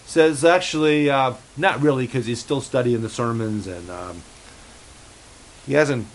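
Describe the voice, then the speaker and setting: A man hosting a home-made show in a rambling, halting way, full of fillers and restarts, passing on what his cat supposedly says. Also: medium pitch, poor audio. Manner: halting, many fillers and restarts, relays a cat's remarks. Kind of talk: rambling casual monologue.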